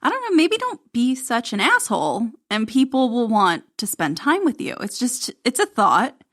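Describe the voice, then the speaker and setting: Lively, snarky woman podcast co-host. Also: on the high side, normal speed. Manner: snarky, expressive banter. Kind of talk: casual recap chat.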